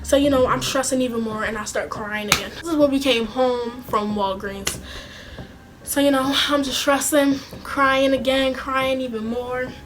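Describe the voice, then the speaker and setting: High-pitched chatty young woman. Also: moderate pace, background noise. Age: young adult. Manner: animated, chatty, slangy and swearing. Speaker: vlogger. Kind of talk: casual storytime vlog.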